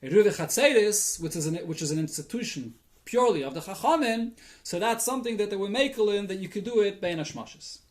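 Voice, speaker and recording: A man with a notably high-pitched voice giving a Talmud lesson. He reads the original text aloud and translates it line by line into English with Yiddish and Hebrew terms, pausing to think aloud as he teaches. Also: expressive. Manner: thinks aloud, with restarts and fillers. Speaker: rabbi teaching daily Talmud.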